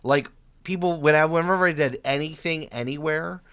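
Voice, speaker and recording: A man from New York State chatting casually as a podcast guest, telling animated stories with quoted outbursts. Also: a little high, normal speed, clean tone.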